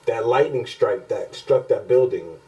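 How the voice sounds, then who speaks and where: A man's voice: mid-range voice, lively intonation, measured pace, mellow, lo-fi sound. A man co-hosting a podcast in casual chat, rambling and profane, often laughing as he talks. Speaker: podcast co-host.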